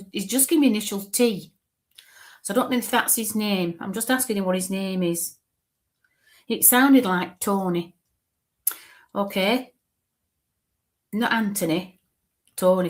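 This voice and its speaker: Halting woman giving a psychic reading. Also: mid-range voice. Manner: halting, repeats herself, drags out names slowly, murmurs asides under her breath. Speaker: spiritualist medium. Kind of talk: live mediumship reading.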